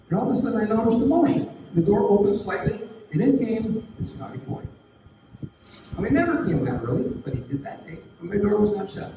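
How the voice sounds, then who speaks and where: An older retired English teacher telling an anecdote at a class reunion in a folksy, animated way, recorded from a distance in a hall. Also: male voice, high voice, background noise. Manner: folksy, animated storytelling with chuckles. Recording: echoey hall recorded from far off.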